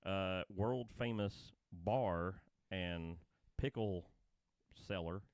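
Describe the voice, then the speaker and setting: A man's voice: low-pitched, very slow, no room sound. Casual male co-host, drawl, rambling storyteller, dry studio mic. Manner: rambling, laughing, excitable storytelling. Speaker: podcast co-host. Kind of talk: casual chat.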